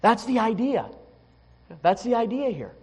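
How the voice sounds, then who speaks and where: High-voiced male pastor preaching candidly. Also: very animated, unhurried, husky. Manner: candid storytelling with many restarts and fillers. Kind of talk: sermon.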